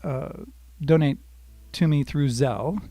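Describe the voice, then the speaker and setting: A guitar teacher, an older man, gives a lesson on a livestream, talking through chord shapes and strumming, chatting with viewers by name, and singing lines softly. His voice is on the high side and his pace slow. The recording is dry, with guitar heard under his voice.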